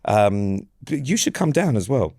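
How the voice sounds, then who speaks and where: A man co-hosting a casual podcast, deadpan and teasing as he keeps the chat moving. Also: lowish voice, a little slow, gravelly, dry recording, clean studio sound. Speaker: podcast co-host. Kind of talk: casual banter.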